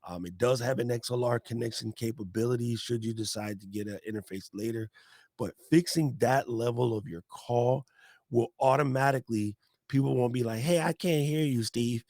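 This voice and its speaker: A man, a guest tech expert in a casual video-call interview, explaining with folksy animated talk and laughs. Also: medium pitch, a little fast, no echo, studio quality. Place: home office.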